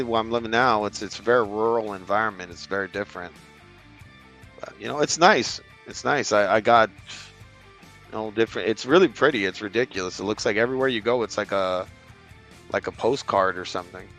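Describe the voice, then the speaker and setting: A man's voice: on the low side, brisk, a bit bright, faint music behind. A man from Brooklyn talking as a podcast guest in casual chat, blunt and profane, in long run-on stretches. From Brooklyn, New York.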